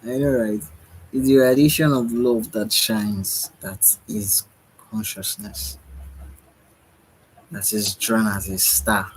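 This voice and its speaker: A man's voice: fairly low pitch, husky, poor audio. A tired man giving a musing spiritual monologue late at night, sighing and yawning as he talks. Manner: slow, musing, with sighs and yawns. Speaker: spiritual speaker.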